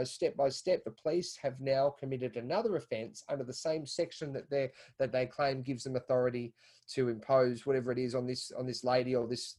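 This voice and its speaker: A man's voice: medium pitch, darkish tone. A man with an Australian accent, talking animatedly in a casual podcast conversation, often repeating words as he builds his point. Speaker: podcast guest.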